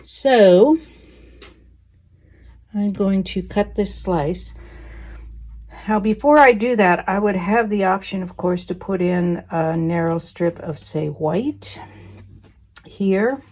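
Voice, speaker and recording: A woman teaching quilting in a relaxed, chatty way, thinking aloud as she sews. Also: medium pitch, slow pace. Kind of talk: casual sewing tutorial.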